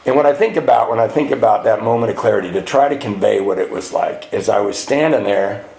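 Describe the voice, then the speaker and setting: A middle-aged man from California speaking at a retreat, telling his recovery story to an audience with self-mocking humor and sudden jumps into high voices for the comic parts. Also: fast, creaky, darkish tone. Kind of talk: storytelling talk to a live audience. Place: retreat hall. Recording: echoey room.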